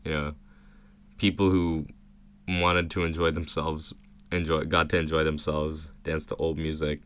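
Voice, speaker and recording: Chill young guy on a podcast, low voice, smooth and clear. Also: a little slow. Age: young adult. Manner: relaxed, agreeable, recounting. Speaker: podcast co-host. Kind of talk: casual chat.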